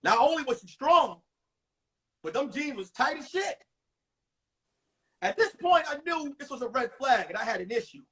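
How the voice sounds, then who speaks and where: A man in his forties, a comedian telling crude, animated stories about his school days on a phone livestream. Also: extremely high pitch, normal speed, long pauses, slightly rough. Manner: animated, profane storytelling with acted-out voices. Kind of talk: stand-up storytelling on a livestream.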